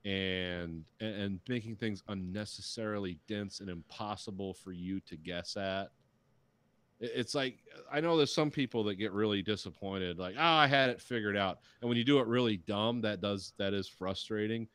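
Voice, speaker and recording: A man's voice: on the low side, moderate pace, no echo. A middle-aged man on a podcast, ranting in casual chat and swearing freely while he mocks what he dislikes. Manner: ranting, profane, mocking quotes. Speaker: podcast co-host.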